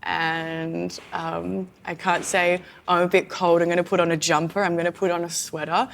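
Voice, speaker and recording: A woman with an Australian accent, hoarse as she recovers from illness, chatting as a podcast co-host. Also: lowish voice, little pitch movement, normal speed, slight background noise. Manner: chatty, laughs often. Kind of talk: casual chat.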